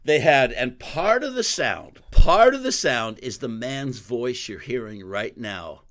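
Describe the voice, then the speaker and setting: A man hosting a podcast, telling a story in an animated way and breaking into loud exclamations. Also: medium pitch, slow. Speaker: podcast host. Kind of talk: storytelling interview chat.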